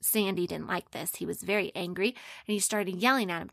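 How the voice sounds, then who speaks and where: Expressive woman telling a children's story. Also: lowish voice, brisk, creaky, hardly any pauses, no echo, studio quality. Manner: expressive, with hushed asides.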